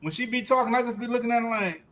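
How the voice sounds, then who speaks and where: High-voiced man, animated chat. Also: very fast. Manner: animated, laughing storyteller. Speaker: livestream co-host. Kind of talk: casual chat.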